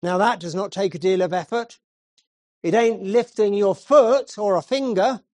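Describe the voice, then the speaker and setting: A man's voice: high-pitched, normal speed, darkish tone, no echo, lightly acted. A man doing a poor, blunt lay preacher pleading fervently. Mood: earnest, plain. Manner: pleading, insistent repetition.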